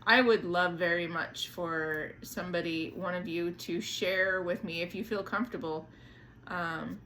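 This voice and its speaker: A middle-aged woman hosting a casual spiritual talk, gentle and earnest, often repeating words and restarting as she speaks to her viewers. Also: fairly low pitch, steady tone, unhurried, a little hiss or hum. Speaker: spiritual channeler and host.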